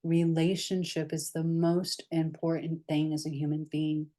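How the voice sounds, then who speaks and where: A woman leading a somatic therapy lesson, candid and gentle, often speaking softly as she guides the group. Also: sits low, completely flat delivery, unhurried.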